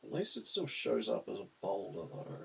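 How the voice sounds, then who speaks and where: A man's voice: on the low side, very animated, moderate pace, creaky, slight background noise, low-quality recording. A young Australian man casually chatting to viewers while streaming a game, laughing often and greeting chat.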